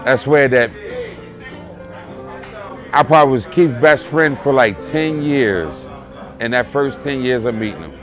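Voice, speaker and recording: A man's voice: mid-range voice, expressive, unhurried, long pauses. A man, a close friend giving a rambling, streetwise spoken tribute. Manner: loose, rambling, streetwise talk with many "you know what I'm saying". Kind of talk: casual spoken memories. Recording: music and crowd chatter behind.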